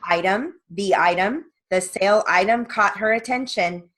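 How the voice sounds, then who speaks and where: A woman reading word lists and sentences as dictation practice, evenly and deliberately, with short spoken asides. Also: medium pitch, fairly bright tone, poor audio. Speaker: dictation reader for steno practice.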